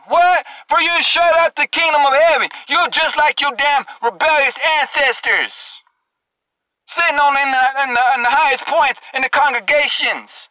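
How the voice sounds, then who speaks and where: A man's voice: extremely high pitch, normal speed, sharp tone, no echo, poor audio. A male preacher delivering an angry, confrontational sermon, scolding and cursing at his listeners and drawing out scripture verses for emphasis.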